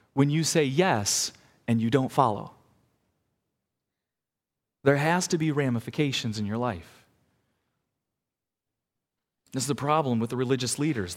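A man's voice: mid-range voice, big-room sound. A man pastor preaching a sermon, earnest and storytelling, building intensity as he presses his point in a church.

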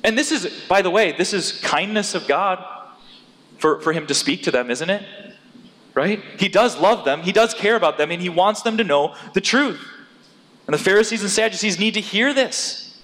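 Animated male preacher in a reverberant hall. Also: high-pitched, normal speed. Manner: animated, rising to loud emphatic peaks on quotes. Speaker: pastor. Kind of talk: sermon.

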